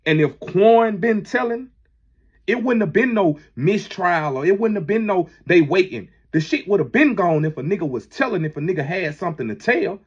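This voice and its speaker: A man giving a heated, profane monologue that keeps rising toward a shout. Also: high-pitched, expressive, normal speed, breathy edge, highs cut off. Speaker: manager addressing critics. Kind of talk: impassioned monologue.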